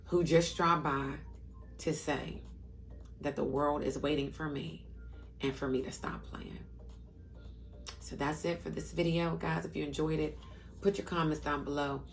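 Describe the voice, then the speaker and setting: Woman, middle-aged, low gravelly voice, casual storytelling vlog, animated, faint music behind. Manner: animated storyteller, acts out quotes in a higher voice. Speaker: vlogger. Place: parked car.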